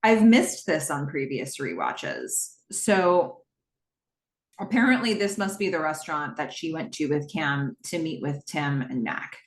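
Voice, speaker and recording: A woman's voice: low voice, very animated, measured pace, echoey room. A woman hosting a podcast, casually recapping a TV episode scene by scene in the present tense, with frequent "um"s. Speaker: podcast host.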